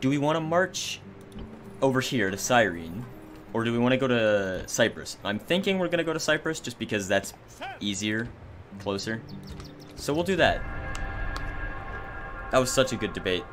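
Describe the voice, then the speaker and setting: A man's voice: mid-range voice, big pitch swings, normal speed, long pauses, a bit bright, slight background noise. A man giving casual gameplay commentary as a let's play host, joking and sarcastic with mock-dramatic complaints.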